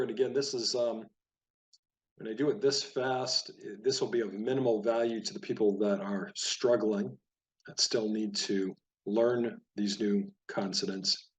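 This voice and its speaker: A man teaching Biblical Hebrew, reading practice words out one by one and explaining in relaxed asides. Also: lowish voice. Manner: slow, deliberate word-by-word reading.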